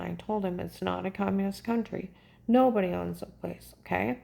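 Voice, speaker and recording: A woman telling a personal story in a rambling, agitated way, often pausing to ask "okay?" and trailing off. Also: mid-range voice, fairly even intonation, vocal fry, warm tone. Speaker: vlogger recounting a personal ordeal.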